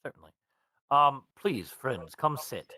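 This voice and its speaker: A man's voice: mid-range voice, expressive, slow pace, bright, forceful tone, dry recording. A man voicing a courteous, generous male elf adventurer in a tabletop role-play, speaking formally and graciously.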